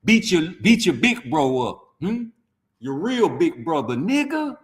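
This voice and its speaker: High-voiced man ranting trash talk. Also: big pitch swings, a little slow, roomy sound. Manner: trash-talking, mocking, heated. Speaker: boxing commentator. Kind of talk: profane boxing rant to camera.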